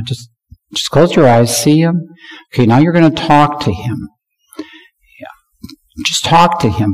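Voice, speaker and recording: Male preacher, animated and halting, many restarts, fairly high voice, long hall reverb. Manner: animated, repeats words and restarts often. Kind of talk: sermon.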